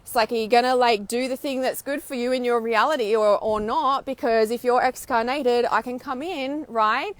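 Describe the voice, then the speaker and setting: A woman with a voice pitched a touch above average gives a spiritual lesson, filming herself as she talks. Her delivery is casual and animated, with frank swearing and quick acted-out inner voices as examples. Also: no echo. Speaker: intuitive healer and spiritual mentor. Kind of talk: spiritual teaching talk to camera. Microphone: filming herself on camera.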